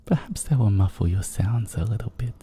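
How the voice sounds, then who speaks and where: A man streaming a whispered ASMR stream, teasing the listeners in a soft, playfully domineering whisper that moves around a binaural mic. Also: lowish voice, fairly quick, slight background noise. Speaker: VTuber streamer.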